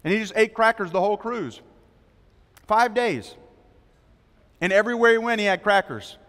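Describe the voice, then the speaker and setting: Pastor preaching in a reverberant church. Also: male voice, high-pitched, normal speed. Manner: storytelling with lively quoted voices. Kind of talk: sermon. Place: church sanctuary. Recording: long hall reverb.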